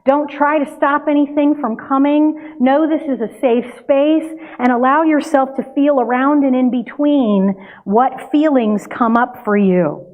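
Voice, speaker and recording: An older woman giving a sermon, telling a family story in a conversational, lively way. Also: high-pitched, unhurried, few pauses. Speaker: minister. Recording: tinny phone-like sound.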